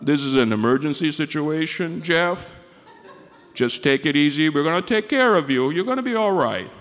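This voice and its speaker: A man voicing a steady, reassuring male ER doctor who speaks in a measured way with small hesitations. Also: a little high, big-room sound, pitched below the performer's own voice. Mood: soothing. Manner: measured, matter-of-fact, slight hesitations.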